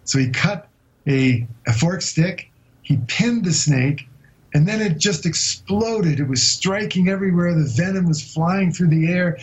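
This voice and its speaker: A man being interviewed as a guest explorer, telling a long story in a vivid but halting way with many hesitations. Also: high-pitched, lively intonation, rough recording. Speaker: guest explorer recounting an expedition.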